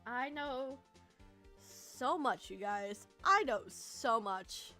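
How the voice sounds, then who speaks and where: Slightly drunk vtuber girl goofing around on stream, slow drawly talk, higher voice, dry sound. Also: animated, sharp tone, faint music behind. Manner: playful, boastful, chatty with chat. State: tipsy. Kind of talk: casual game stream chat.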